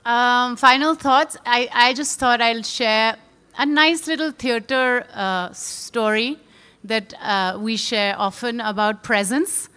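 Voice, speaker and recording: A woman speaking as a panel guest, telling a story in a lively, animated way. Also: on the high side, takes it slowly, clear, resonant tone.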